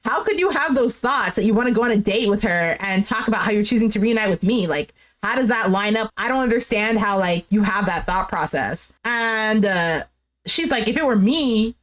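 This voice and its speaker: A young woman casually recapping a dating show, chatty and animated, full of "like" and quoted dialogue. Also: mid-range voice, normal speed. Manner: chatty, animated retelling with lots of "like". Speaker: recap streamer.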